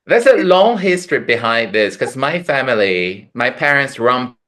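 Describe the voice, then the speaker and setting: A man's voice: medium pitch, very animated, moderate pace, fairly bright tone. A man from Taiwan, a comedian guest telling dry, self-mocking stories in a casual interview. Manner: dry, self-mocking storytelling with punchline jokes.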